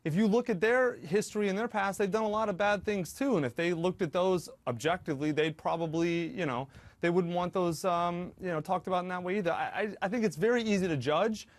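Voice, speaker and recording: A man's voice: high-pitched, brisk, no echo. Earnest male co-host, dry sound. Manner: earnest, hedging with fillers. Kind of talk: talk show discussion.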